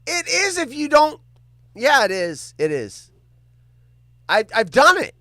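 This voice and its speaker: A man hosts a casual livestream and chats with his viewers, joking and cursing as he reacts to their comments. His voice sits high and swings widely in pitch, and the close, dry recording keeps it clear and near. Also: slow pace, no room sound. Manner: animated, joking, swears freely. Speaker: livestream host.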